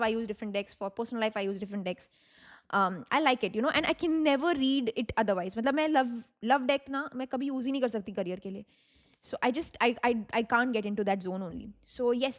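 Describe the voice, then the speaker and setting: A young woman with an Indian English accent, a tarot reader chatting to her viewers in a rambling, repetitive way, slipping into Hindi now and then. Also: on the high side. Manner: chatty, rambling, repeats herself, mixes in Hindi. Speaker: tarot reader and channel host. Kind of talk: casual talk to camera.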